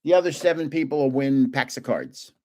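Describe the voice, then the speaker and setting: A man's voice: medium pitch, brisk, darkish tone. An older man hosting a casual live stream, chatting and joking as he guesses card names aloud. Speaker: livestream host opening trading cards.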